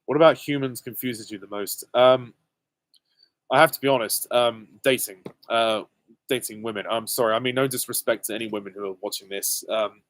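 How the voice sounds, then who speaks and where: A young British man hosting a live viewer Q and A, answering casually and candidly with many pauses and ums. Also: medium pitch, steady tone, fairly bright tone, dry recording. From Britain. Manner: hesitant, many ums, candid and self-deprecating. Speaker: channel host answering viewer questions.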